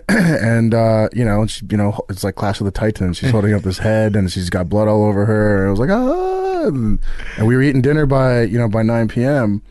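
A middle-aged man telling animated stories about his family in a casual interview. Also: fairly low pitch, no echo. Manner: animated anecdotes with quick asides.

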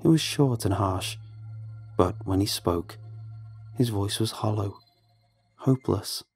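A man reading a horror story aloud as a scripted narration, with measured, tense storytelling. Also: on the low side, a little mellow, husky, faint music behind.

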